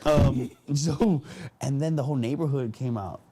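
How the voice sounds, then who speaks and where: A man casually telling a story on a podcast, animated and slangy, often laughing as he talks. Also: mid-range voice, normal speed, breathy edge. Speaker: podcast guest.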